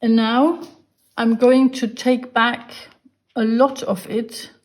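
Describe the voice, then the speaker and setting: A woman's voice: fairly high pitch, little pitch movement, slow pace. A woman giving a drawing lesson, patiently explaining each step while she draws. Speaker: art teacher.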